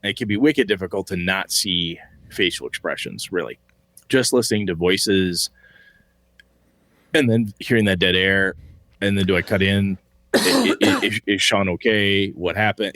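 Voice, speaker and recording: Low-voiced man rambling on a podcast. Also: moderate pace, fairly bright tone, dry recording. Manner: loose, rambling, swears casually, acts out quotes. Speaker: podcast co-host. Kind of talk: casual podcast chat.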